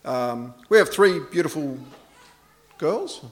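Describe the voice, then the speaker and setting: A middle-aged man preaching a sermon in a relaxed, anecdotal way, poking fun at himself. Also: fairly high pitch, slow pace. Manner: conversational, anecdotal, self-deprecating.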